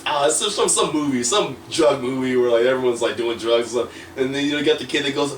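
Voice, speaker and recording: A man's voice: mid-range voice, lively intonation, fast, hardly any pauses, a bit bright. Guy rambling through a story, lots of um and you know, sounds kinda far from the mic, echoey. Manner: rambling, full of fillers, acts out quotes. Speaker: wrestler guest. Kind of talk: casual storytelling interview. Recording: roomy echo, distant from mic, faint noise.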